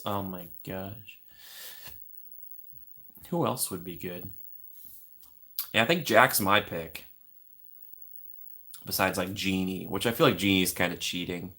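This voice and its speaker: A man's voice: sits low, vocal fry, sharp tone. A man chatting casually with his viewers on a livestream from home, rambling and laughing often.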